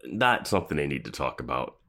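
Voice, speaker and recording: Man, podcast co-host, very deep voice, animated, casual, chiming in. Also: quick pace. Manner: laughing, chiming in. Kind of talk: casual chat.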